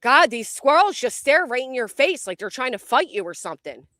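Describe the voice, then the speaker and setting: A woman's voice: high-pitched, very animated, brisk, pushed and bright, dry recording, clean studio sound. A woman hosting a casual commentary livestream outdoors by a tree, jumpy and swearing a lot as she talks to her chat.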